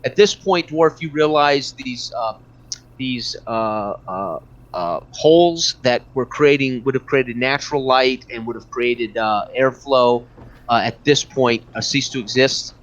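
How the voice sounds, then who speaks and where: A man narrating as game master in a tabletop game, describing scenes with frequent pauses and fillers. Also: mid-range voice, fairly bright tone. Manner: hesitant, many fillers and restarts. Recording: dull lo-fi recording.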